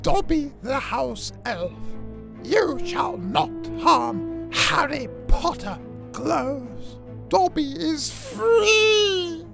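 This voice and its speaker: Dobby, a squeaky house elf, as a man puts him on. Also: sing-song, drawn-out words, vocal fry, over music, heavily acted. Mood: eager. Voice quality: squeaky, strained. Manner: eager and breathless, slipping into a hiss. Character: small excitable male house elf, eager servant. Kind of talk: comedic character impression.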